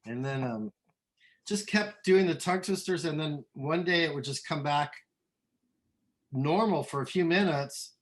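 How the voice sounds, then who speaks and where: Man, middle-aged, musician guest, casual interview, slightly high pitch, lots of ums. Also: unhurried. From Southern California. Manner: relaxed, rambling, lots of ums and restarts.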